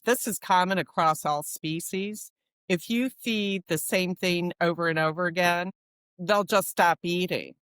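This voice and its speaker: A woman answering interview questions as a guest expert on dog feeding, in a measured, explanatory way. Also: on the low side, fairly bright tone, clear, resonant tone, no echo, studio quality.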